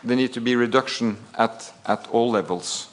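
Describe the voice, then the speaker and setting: A man from Norway, answering at a press conference as head of government in a measured, step-by-step way. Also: medium pitch, a little hiss or hum. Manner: measured, deliberate, builds points in steps.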